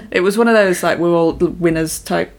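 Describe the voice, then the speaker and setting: A woman in a relaxed conversation. She chimes in with short reactions and wanders into personal asides. Her tone is plain, casual and conversational. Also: on the low side, moderate pace. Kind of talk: casual chat.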